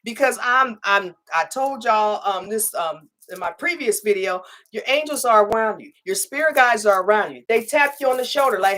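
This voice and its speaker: A woman, hosting a casual livestream as a spiritual reader, talking in an animated storytelling way, acting out other people's lines and tagging sentences with "okay?". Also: a little high, moderate pace, hardly any pauses, rough recording. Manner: chatty, animated storytelling with frequent laughs and "okay?" tags; acts out others' lines in quoted voices. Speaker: spiritual reader and channel host.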